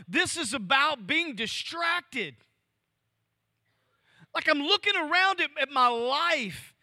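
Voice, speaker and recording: A male pastor delivers a sermon in a slow, deliberate cadence. His voice sits high and bright, and the sound is close and dry. He swings his delivery from emphatic peaks down to hushed, almost whispered lines. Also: no echo. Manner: preaching with sweeping swings of pitch and volume, dropping to near-whispers. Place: church.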